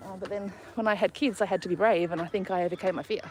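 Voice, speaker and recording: A middle-aged woman chats through a live stream outdoors, a little out of breath from walking. She tells stories with easy self-mocking laughs, speaking at a middling pitch into a phone held at arm's length, with faint background noise. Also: fairly even intonation, rapid-fire. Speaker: travel vlogger hosting a live stream. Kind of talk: casual live chat while walking her dog. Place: outdoors on a walk.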